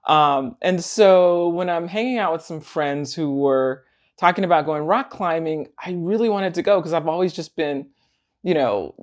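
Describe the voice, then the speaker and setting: A woman casually telling a personal story in a vlog, animated and laughing often as she acts out what people said. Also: deep voice. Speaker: vlogger.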